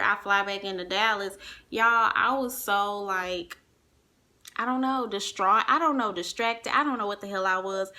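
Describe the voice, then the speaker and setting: Animated, profane young woman telling a story. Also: medium pitch. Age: young adult. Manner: animated, profane, acts out quoted voices. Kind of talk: casual storytelling to an audience.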